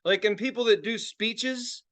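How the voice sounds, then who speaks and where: A man's voice: high voice, unhurried. A man co-hosting a podcast, chatting casually, laughing a lot, swearing and slipping into joking impressions. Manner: animated, laughing, profane, does joking voice impressions. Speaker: podcast co-host. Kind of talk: casual chat.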